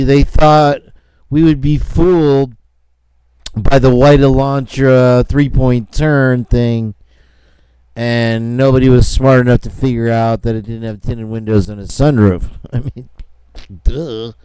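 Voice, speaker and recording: Man, host, smooth dry voice, casual commentary, sarcastic asides. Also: medium pitch, fairly even intonation, slow pace, long pauses, dark tone, dry recording. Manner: rambling, laughing, sarcastic asides.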